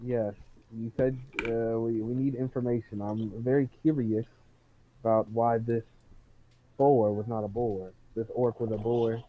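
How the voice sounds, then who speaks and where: A man speaks over a thin, phone-like line while playing a tabletop role-playing game. He declares his moves and answers accusations in character with a dry, deadpan delivery. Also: medium pitch, a little slow, a little hiss or hum. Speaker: player. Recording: tinny phone-like call audio.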